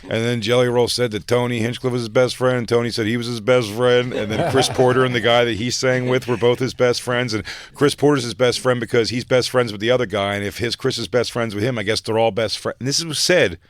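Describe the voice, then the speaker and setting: A man hosting a podcast in casual comedic chat, rambling and animated, with plenty of fillers. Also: medium pitch, brisk, hardly any pauses. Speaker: podcast host.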